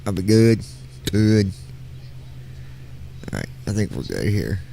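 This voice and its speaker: A man's voice: on the low side, sing-song, slow, creaky, dark tone, slight background noise. A man hosting a casual live stream, talking on a headset mic and joking with viewers while he tests his audio. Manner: playful, joking, testing his mic aloud. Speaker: streamer host.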